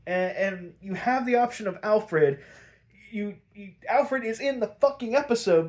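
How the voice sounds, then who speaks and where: A man's voice: sits high, very animated, normal speed, darkish tone. Exasperated, swearing man ranting casually. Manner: many fillers and restarts. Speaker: podcast host reviewing episodes. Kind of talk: casual solo episode review.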